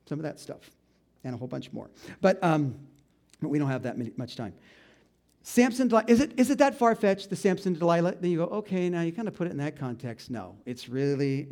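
A male pastor preaching a sermon, animated and joking, with asides and laughter between Bible readings. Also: a little high.

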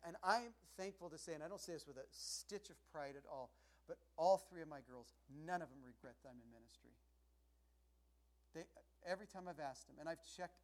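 A middle-aged man delivers a sermon as a pastor, with a voice pitched a little higher than most men's. He preaches in a loose, conversational way, swinging from loud, pushed lines down to hushed ones.

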